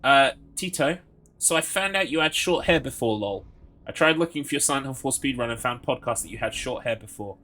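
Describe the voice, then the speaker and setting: A young British man commentating his own playthrough. His voice has a bright edge at a middle pitch, and he slips between reading the game text aloud and joking with his viewers. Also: expressive, a little fast. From Britain. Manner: reads item text aloud, mocks and jokes with chat. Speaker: streamer.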